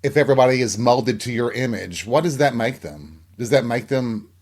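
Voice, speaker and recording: A man's voice: mid-range voice, lively intonation, moderate pace. A middle-aged man hosting a solo podcast, talking frankly and reflectively in a rambling way and often asking listeners rhetorical questions. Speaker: podcast host. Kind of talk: candid solo podcast monologue.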